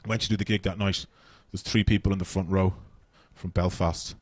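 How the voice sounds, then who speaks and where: A man's voice: low voice, moderate pace, dry recording. An Irish man in his thirties doing a stand-up comedy set on a club stage, chatty and swearing as he tells stories. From Ireland. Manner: chatty, swearing, animated storytelling.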